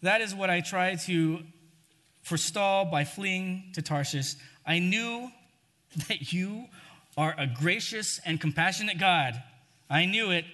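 A preacher voicing an exasperated Jonah. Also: male voice, high-pitched, takes it slowly, bright, forceful tone, heavily acted. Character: indignant prophet Jonah, grown man, complaining.

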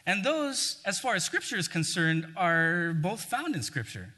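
Male preacher, casual conversational sermon, bright voice, hall reverb. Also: sits high, big pitch swings, measured pace. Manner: conversational, acts out scripture quotes.

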